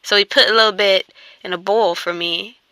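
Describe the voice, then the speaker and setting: A woman's voice: medium pitch, fairly even intonation, normal speed, pushed and bright, no echo. A young woman telling a personal story in casual storytime chat, rambling and full of fillers. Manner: rambling, filler-heavy, with frequent "like" and "I'm here like".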